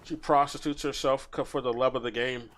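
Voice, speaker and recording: A man's voice: mid-range voice, steady tone, brisk, fairly bright tone. A young man ranting with crude, mocking commentary while reacting to a video on a stream. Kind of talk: casual profane commentary.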